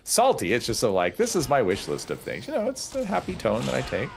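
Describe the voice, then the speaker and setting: A man's voice: medium pitch, huge pitch swings, fairly quick, gravelly, a little mellow, slight background noise. A man playing a game with a friend, chatting in a rambling, wry, self-mocking way. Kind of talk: casual gaming chat.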